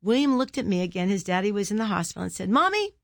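Gravelly-voiced woman giving faith testimony. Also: mid-range voice, very fast, darkish tone, no echo, studio quality. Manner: earnest storytelling, preachy questions to listeners. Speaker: author guest.

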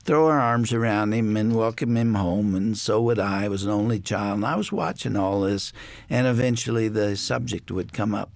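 An older man, a guest on a talk show, telling a personal family story in a reflective way with many pauses. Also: lowish voice, gravelly, no room sound.

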